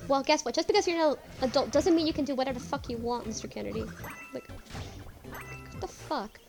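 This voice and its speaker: Young woman, high voice, casual gameplay chat, rambling, profane. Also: brisk, gravelly, music in the background. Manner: rambling, swears often, repeats herself. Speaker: gaming streamer. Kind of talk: casual let's-play chat.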